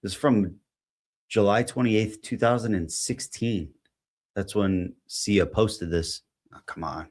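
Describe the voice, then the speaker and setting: A man with a fairly low voice hosts a podcast on his own. He reads online posts aloud and muses over them. He stops and restarts often, leaning on fillers as he thinks. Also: darkish tone. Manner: rambling, halting, many fillers while thinking aloud. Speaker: podcast host.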